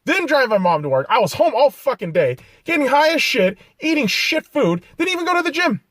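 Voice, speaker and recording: A man's voice: extremely high pitch, very animated, fairly quick, a bit bright, no echo. A man hosting a solo podcast, ranting profanely and criticizing himself between blunt pep-talk asides. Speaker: podcast host.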